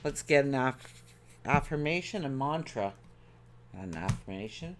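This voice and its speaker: A man's voice: mid-range voice, lively intonation, measured pace, slight background noise. A man giving a daily tarot reading to his viewers, talking in an earnest, rambling way with many fillers and restarts. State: choked up. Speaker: tarot reader.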